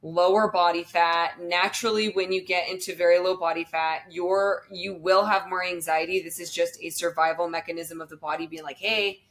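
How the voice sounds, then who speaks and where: Young woman chatting away, lots of likes and ums, lowish voice. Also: flat delivery, normal speed, hardly any pauses. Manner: chatty, many fillers like "like" and "um". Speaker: bodybuilding competitor, guest. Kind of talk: casual podcast chat.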